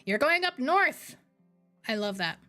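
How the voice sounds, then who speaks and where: A talkative woman in her thirties, a streamer, chats loosely and unhurriedly with her viewers while reading live chat, rambling as she goes. Her fairly high voice swings widely in pitch, jumping up for bright greetings and dropping low for asides, over faint background music.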